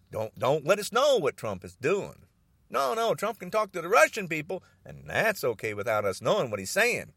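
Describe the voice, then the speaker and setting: A man's voice: fairly high pitch, sharp tone, dry recording. An older man in an angry, agitated political rant, repeating himself and stumbling over restarts.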